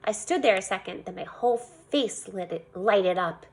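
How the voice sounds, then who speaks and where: A woman reading a children's storybook aloud in an animated way. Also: medium pitch, moderate pace, few pauses. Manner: animated, voicing a young girl narrator. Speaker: reader.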